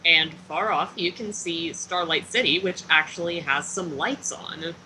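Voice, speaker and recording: A man's voice: on the high side, unhurried, background noise. A man narrating as game master of a tabletop role-play game, casual and full of fillers.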